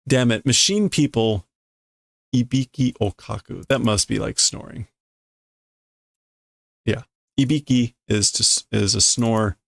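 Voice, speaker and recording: A man streaming a casual read-through of a comic, translating line by line in a halting, self-correcting way and chuckling often. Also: medium pitch, gravelly, a bit bright, dry recording. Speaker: streamer reading manga to learn a language.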